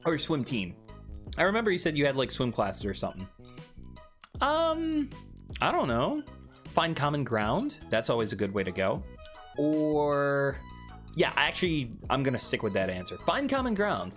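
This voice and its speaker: A young man hosting a casual live stream, chatting with viewers and answering their comments, often jumping into high excited squeals. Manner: animated, jumps into high excited squeals and laughs.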